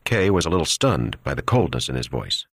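The narration comes from a man whose voice is extremely deep and low, moving a little fast through the audiobook. His telling stays even and steady, captured in a dry, close recording without room echo.

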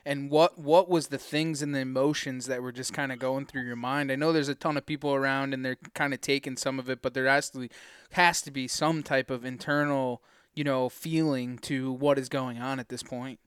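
A man hosts a casual podcast interview, asking long, winding questions. His voice is smooth and clear, sitting mid-pitch. The sound is dry and close, with no room around it. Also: fairly even intonation, a little fast, fairly bright tone, no room sound. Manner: laughs along, asks long rambling questions. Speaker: podcast host.

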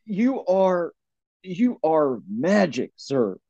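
A man playing a gushing, emotional patient, mellow and husky, dull dry recording. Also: high voice, sing-song, very slow, no room sound, exaggerated voice. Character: emotional Southern nice-guy man patient. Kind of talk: improvised comedy podcast.

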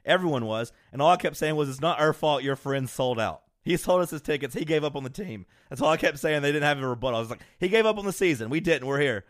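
Talking fast with hardly any pauses, a podcast co-host with a fairly high voice spins a rowdy tale in easygoing conversation. He acts out what people said and laughs as he goes, lively and loose, on a dry recording.

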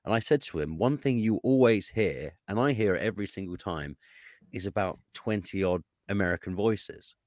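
A man's voice: sits low, lively intonation, moderate pace, a little mellow, no room sound, studio quality. A man chatting casually as a podcast guest, rambling with fillers and restarts. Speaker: podcast guest, Fulham fan. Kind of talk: casual football podcast chat. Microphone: podcast microphone.

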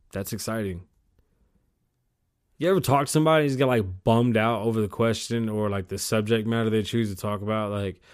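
Profane, rambling male podcast host. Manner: profane, rambling, animated swings in pitch. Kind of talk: casual solo rant.

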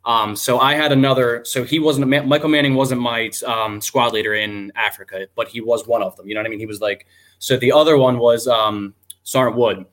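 A man's voice: mid-range voice, fairly even intonation, brisk, fairly bright tone. Young guy, mid-range voice, casual and candid, fillers and swearing; guest on a video-call interview. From United States. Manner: loose and candid, many ums, swears, acts out quoted people. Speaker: guest, army veteran. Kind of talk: casual spoken storytelling.

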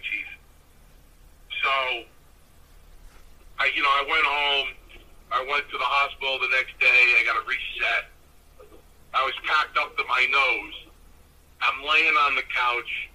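Bright, husky older man telling stories. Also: medium pitch, slow, long pauses, rough recording. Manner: animated, acts out voices of others. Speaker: guest storyteller. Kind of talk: casual storytelling.

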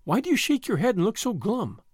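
A man reading aloud, voicing an impatient, anguished young noblewoman in a raised, lively voice. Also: high voice, brisk, slightly rough, dry recording, studio quality, voice pushed up, exaggerated voice. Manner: eager, excitable, pleading.

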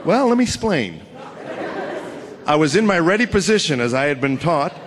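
A man in his fifties performing a stand-up comedy routine, telling stories with deadpan punchlines on stage before a laughing audience. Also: fairly high pitch, normal speed, a crowd in the background. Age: 50s.

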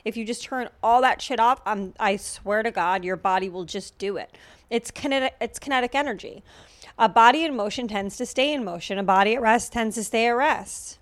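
A woman's voice: fairly high pitch, a little fast, dry recording. A woman co-hosts a podcast in loose, casual chat. She is blunt and swears freely, jokes as she goes and fills her talk with "like" and "literally". Her voice is dry and close, with no room sound. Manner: blunt, profane and joking, with many fillers. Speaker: podcast co-host.

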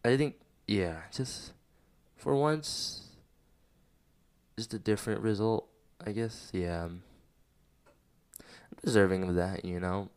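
Speaking slowly and pausing often, a man on his personal podcast reflects emotionally on his struggles, close to tears. His fairly low voice has a darkish yet clean tone, and his candid rambling is full of fillers.

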